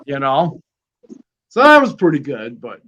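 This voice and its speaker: Man, high voice, folksy storyteller, casual swearing, acts out quotes. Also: wildly swooping pitch, measured pace, a bit bright, lo-fi sound. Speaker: snake keeper on live stream.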